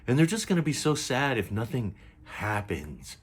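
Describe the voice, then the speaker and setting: A man's voice: fairly high pitch, normal speed, pitched above the performer's own voice, natural voice. A man putting on the voice of a bubbly young woman influencer who giggles through her words. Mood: giggly.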